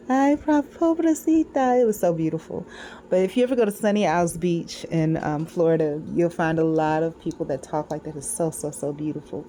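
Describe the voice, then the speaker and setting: A middle-aged woman recording a personal video diary, musing softly and drifting from topic to topic with many fillers. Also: lowish voice, slight background noise. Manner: digressive, soft-spoken, musing with many fillers. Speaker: vlogger.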